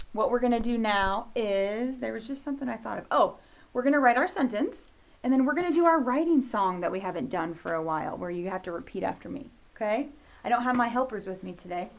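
A woman teaching a kindergarten video lesson, upbeat and encouraging, slowly sounding out letters for young children. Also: medium pitch, vocal fry.

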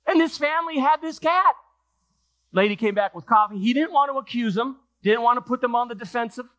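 Animated, high-voiced preacher telling a story. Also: male voice, brisk. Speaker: pastor. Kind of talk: sermon. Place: church sanctuary.

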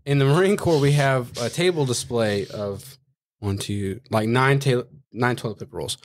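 A former Marine telling crude boot camp stories in a profane, animated style on a casual podcast. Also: male voice, mid-range voice, moderate pace.

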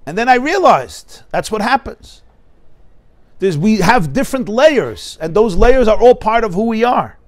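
A man teaching a class in a study hall, his voice pitched notably high. He tells stories with lively acted-out dialogue and keeps his listeners engaged through a stream of rhetorical questions. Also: measured pace. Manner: animated storytelling, acts out dialogue; explains Hebrew terms with rhetorical questions. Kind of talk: Torah class lecture.

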